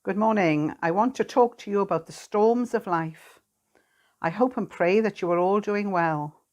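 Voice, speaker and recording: A woman delivering a short sermon reflection to her church. Her mid-pitched voice is gentle and earnest, with a pastoral warmth in how she addresses the congregation. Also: moderate pace. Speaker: lay preacher.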